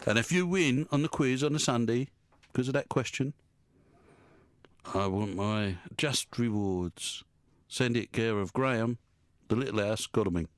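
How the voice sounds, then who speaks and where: A man's voice: medium pitch, animated, unhurried, no room sound. A man presenting a radio show, bantering with guests in the studio in a rambling, teasing, self-mocking way. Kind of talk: jokey live studio banter.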